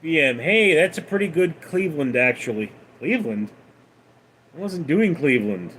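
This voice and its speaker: A man hosting a casual livestream, reading viewer questions aloud and answering them in a deadpan way. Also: fairly high pitch, moderate pace, slight background noise. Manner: deadpan, reads names then answers. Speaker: livestream host.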